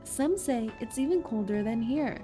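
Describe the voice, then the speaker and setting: A woman's voice: a little high, lively intonation, normal speed, warm tone, soft background music. A woman streamer chatting playfully and reading game text aloud during a gameplay stream. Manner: playful and giggly, jokes around.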